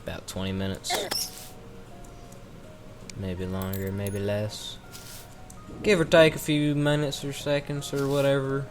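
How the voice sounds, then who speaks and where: A man's voice: medium pitch, completely flat delivery, a little slow, long pauses, faint music behind. A man from the American South giving rambling, chatty let's-play commentary with self-mocking asides, talking into a desk microphone. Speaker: gaming commentator.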